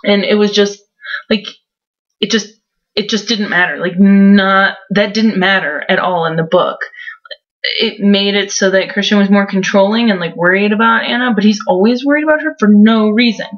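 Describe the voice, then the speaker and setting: A woman's voice: medium pitch, steady tone, normal speed, fairly bright tone. Young woman in her 20s, sarcastic vlogger, mocking book recap, muffled lo-fi sound. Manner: mocking, sarcastic, heavy use of "like". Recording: dull lo-fi home recording.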